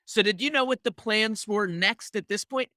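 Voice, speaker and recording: Bright, high-voiced male co-host who keeps the questions coming. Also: moderate pace, dry recording, studio quality. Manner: eager, prompting questions. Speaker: podcast co-host. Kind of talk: casual interview questions.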